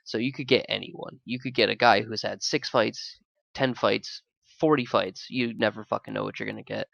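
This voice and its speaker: A man's voice: lowish voice, normal speed, vocal fry, no room sound, highs cut off. A man co-hosting a podcast, telling his fight stories in casual chat, swearing, laughing and acting out the other people in them. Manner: animated, profane, laughing, acts out quoted voices. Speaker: podcast co-host, amateur Muay Thai fighter.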